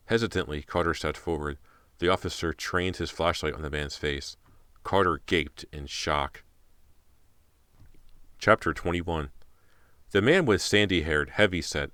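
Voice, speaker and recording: A man's voice: a bass voice, fairly bright tone, smooth, no echo. A man narrating an audiobook in a tense, dramatic way. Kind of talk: scripted narration.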